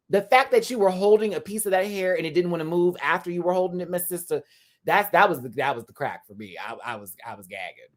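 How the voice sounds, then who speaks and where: Young male host, live review rant, very animated delivery, lots of laughing asides. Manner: animated, swinging from low mutters to loud squeals, laughing.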